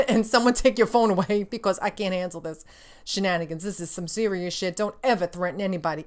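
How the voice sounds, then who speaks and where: A woman's voice: medium pitch, fast. A young adult woman hosting a casual gaming news show, ranting in a sassy, profane, exasperated way and laughing often.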